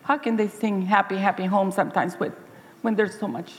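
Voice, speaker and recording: A long reverb tail follows the steady, medium-pitched voice of a middle-aged woman preaching a sermon. As a church speaker, she tells stories in a stop-and-start way, repeating words and performing the characters' voices.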